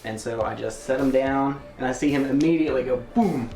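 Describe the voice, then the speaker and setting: A man recounts an anecdote in an easy, amused way, his voice at an ordinary middle pitch. The room around him echoes, and faint music sits underneath. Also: a little fast, creaky. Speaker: interviewee, VHS collector. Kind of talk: casual anecdote interview. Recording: roomy echo.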